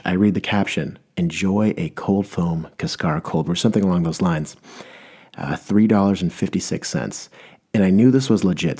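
A man's voice: low-pitched, a little mellow, breathy edge. A young man delivering a rambling, mock-earnest comedic rant, often stopping to correct himself.

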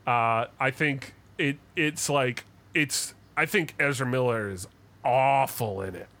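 A man's voice: mid-range voice, slow, vocal fry, bright, forceful tone. A young man co-hosting a podcast, ranting and swearing in casual chat, acting out quotes as he goes. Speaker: podcast co-host.

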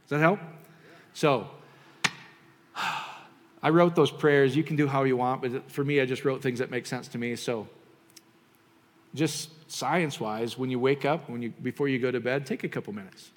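A man preaching a sermon, joking and animated at times, then softer and prayerful. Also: medium pitch, moderate pace, long pauses. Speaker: pastor. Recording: reverberant hall.

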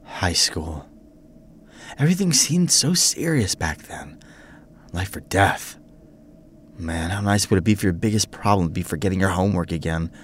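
An actor playing a nervous, tipsy young priest who rambles in a flustered way. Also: male voice, deep voice, lively intonation, normal speed, pauses often, a little hiss or hum. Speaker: Father Montgomery, a priest.

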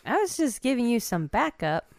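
A woman co-hosting a podcast in casual chat, with a blunt, deadpan manner. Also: fairly high pitch, normal speed, dry recording, studio quality. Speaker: podcast co-host.

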